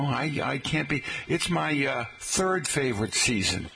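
An older man from Massachusetts with a Boston accent, talking to listeners in a loose, chatty radio monologue. His voice sits at an ordinary middle pitch, with a faint hum of background ambience. He wanders off on tangents, jokes, and restarts sentences often. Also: animated, a little slow, gravelly, few pauses, a bit bright. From Boston area, Massachusetts. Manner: rambling, jokey, many fillers and restarts. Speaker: radio talk show host.

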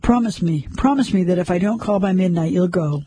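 Frantic cornered husband, pleading and tense, read by a man, husky dark voice. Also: sits high, a little fast. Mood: urgent. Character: desperate middle-aged man hiding a crime.

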